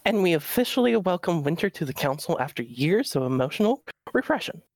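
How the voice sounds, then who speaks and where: A man's voice: on the high side, very animated, fairly quick, no room sound. A man voicing a dutiful robot girl who reads out minutes in a formal, precise manner.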